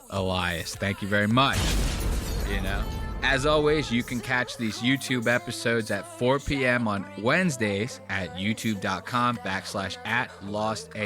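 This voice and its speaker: Giddy, bright-voiced male podcast host. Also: fairly low pitch. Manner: giddy, laughing at the clips, loose and rambling. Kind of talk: casual commentary on clips.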